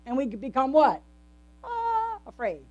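In a lo-fi recording, a woman pastor preaches conversationally in a church, often asking the congregation rhetorical questions. Her high-sitting voice is sing-song and a little mellow, delivered at a measured pace.

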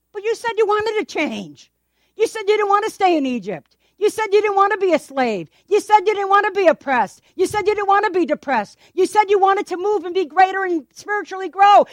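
A woman pastor preaching a sermon in a church, animated and acting out the voices of the people in her story, laughing often. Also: extremely high pitch, no echo, clean studio sound.

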